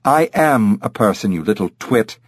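A man voicing a haughty, indignant male African gray parrot with a British accent, speaking slowly and emphatically. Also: on the low side, expressive, husky, no echo, clean studio sound. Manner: pompous, emphatic, slow and precise.

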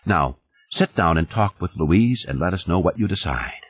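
A man voicing a smooth, ingratiating corporate executive in an audiobook reading. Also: sits low, expressive, moderate pace. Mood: soothing. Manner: soothing, glib. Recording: dull lo-fi audio.

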